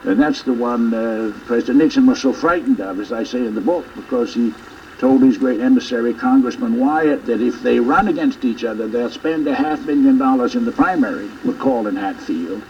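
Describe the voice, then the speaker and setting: A man's voice: medium pitch, moderate pace, darkish tone, slight background noise. An older man, a former governor and author, telling reflective stories in an interview about his memoir. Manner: storytelling, reflective. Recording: dull, slightly distant broadcast audio.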